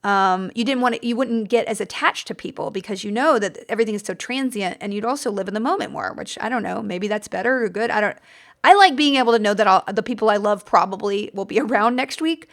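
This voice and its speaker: A woman's voice: medium pitch, fast talker, fairly bright tone. An American woman hosting a podcast, talking casually and enthusiastically, rambling a little with fillers and restarts as she goes. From United States. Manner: chatty and enthusiastic, rambling with fillers and self-corrections. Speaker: podcast host. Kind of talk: casual book-recommendation chat.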